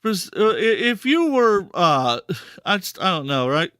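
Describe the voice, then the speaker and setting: A man's voice: high-pitched, big pitch swings, unhurried, a bit bright, clean tone, dry recording, studio quality. A man hosting a live stream, talking casually and repeating himself in disbelief, stammering for words. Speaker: podcast host and streamer.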